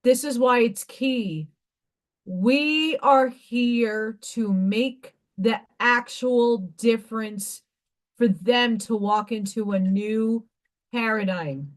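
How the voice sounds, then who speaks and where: Talking slowly in a fairly high pitch, this livestream craft host gets passionate and preachy about spiritual growth, cursing freely as she goes.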